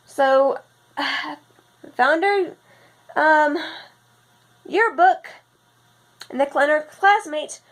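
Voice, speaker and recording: A young woman, rambling in a casual vlog with a husky just-woke-up voice and lots of self-corrections. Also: high voice, very slow, pauses often. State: husky morning voice. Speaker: vlogger.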